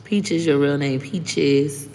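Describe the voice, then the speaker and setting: A livestreaming content creator chats casually with viewers in a low, steady, warm voice, taking her time. She's blunt and candid, swears freely, and thanks commenters often. The room is reverberant with faint background noise.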